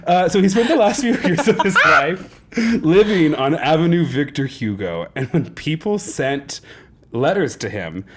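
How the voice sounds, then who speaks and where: Animated joking man podcast host. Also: a little high, unhurried. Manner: joking storyteller, laughs often. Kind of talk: casual chat.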